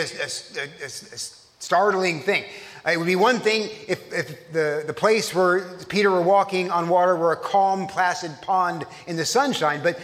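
A man's voice: high voice, fairly bright tone, long reverb tail. A man preaching a sermon at a church service, telling the story in a conversational way and putting questions to his listeners.

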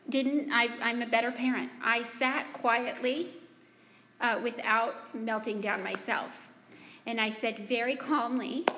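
A middle-aged woman gives a speech to a live audience in a large hall, her voice ringing with long reverb. She speaks slowly and unhurriedly, in a high register. Her delivery is self-deprecating and humorous. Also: a bit bright. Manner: conversational, with restarts and asides. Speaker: speaker addressing students and parents.

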